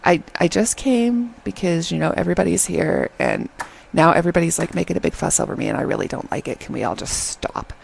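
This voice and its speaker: A woman quietly voicing a shy, introverted young man who mumbles and sounds reluctant. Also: lowish voice, lively intonation, fast talker, vocal fry, slight background noise.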